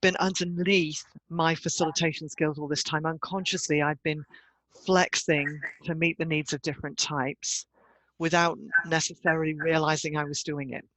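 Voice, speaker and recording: Woman, middle-aged, guest in an interview, measured and articulate, bright tone. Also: deep voice, level tone, dry recording, rough recording. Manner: articulate, measured, laughs easily. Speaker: guest, trainer and consultant. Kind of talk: interview answers.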